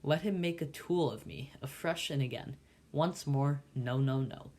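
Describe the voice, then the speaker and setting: A man voicing a desperate, rough-spoken escaped convict who talks with fierce scorn. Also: medium pitch, unhurried, a little mellow, natural voice.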